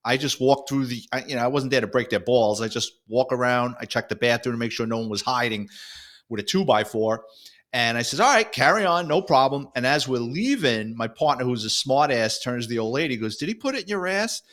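A man, a former police officer, telling a story in an animated, easygoing way. He acts out quoted lines from the people in it as he goes. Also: mid-range voice, brisk. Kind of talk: casual storytelling chat.

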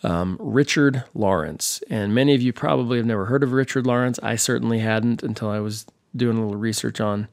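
A man's voice: mid-range voice, brisk, vocal fry, few pauses, dry recording, clean studio sound. A man hosting a podcast, talking in a loose, rambling monologue with a wry, sarcastic humor and lots of restarts. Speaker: podcast host.

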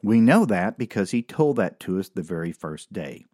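Wry, low-voiced middle-aged man. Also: very animated, moderate pace, a little mellow, dry recording. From Oklahoma. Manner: wry, dry asides, casual with many fillers. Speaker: storyteller. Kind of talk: comedic personal storytelling.

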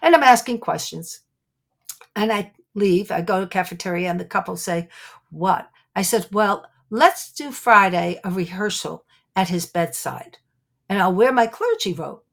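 An older woman from Brooklyn with a New York accent, a guest telling her stories with animated flair and frequent laughter. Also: mid-range voice, normal speed, gravelly. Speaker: guest, psychic detective. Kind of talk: animated storytelling in conversation.

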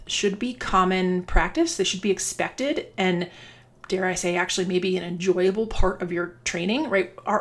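A woman dance coach giving earnest, conversational advice to other coaches. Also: on the low side. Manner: earnest, conversational, restarts and fillers. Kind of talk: instructional talk to coaches.

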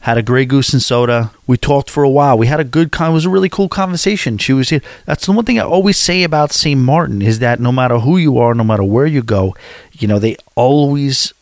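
A man's voice: medium pitch, animated, brisk, dry recording. Man, casual travel storyteller, rambling and candid, dry close sound. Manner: rambling, candid, talks straight to the viewer.

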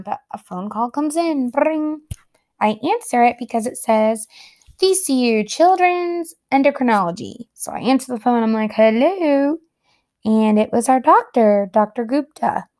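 A young adult woman hosting a podcast, chatting casually and telling a personal story with lots of laughter and acted-out quotes. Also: on the high side. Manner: chatty, animated, laughs often, acts out quotes. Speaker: podcast host.

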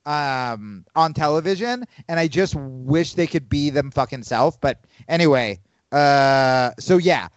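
A man talking in a loose, rambling way, swearing freely and getting animated. His voice sits a bit high for a man. The recording is dry and slightly dull. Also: measured pace, dry recording. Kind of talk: casual chat.

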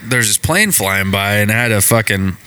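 A man's voice: on the low side, lively intonation, normal speed, pushed and bright, slight background noise. A man co-hosting a casual podcast chat, rambling and swearing as he tells stories. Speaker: podcast co-host.

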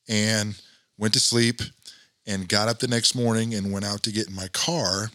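Middle-aged male guest; earnest, reflective storyteller, bright tone, slightly low. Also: fairly even intonation, normal speed, dry recording, studio quality. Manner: earnest, reflective, many fillers. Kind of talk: personal storytelling in an interview.

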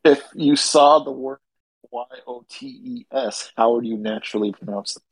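A man's voice: mid-range voice, normal speed, husky, no echo, rough recording. A man co-hosting a casual sports podcast, opinionated and teasing his co-host.

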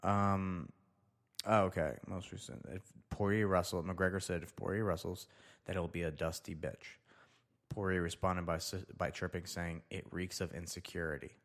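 Low-voiced man in loose solo chat. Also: flat delivery, moderate pace. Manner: loose, rambling, talks to himself while reading. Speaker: podcast host. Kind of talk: casual solo commentary.

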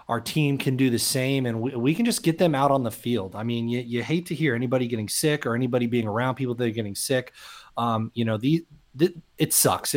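A man's voice: medium pitch, a little mellow. A man co-hosting a casual sports podcast, talking in an earnest, conversational way with plenty of fillers. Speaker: podcast co-host.

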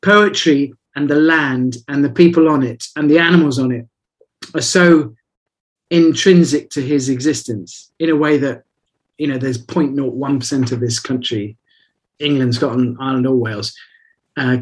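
A man's voice: mid-range voice, moderate pace. A man in casual conversation, telling rambling, reflective stories. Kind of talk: casual chat.

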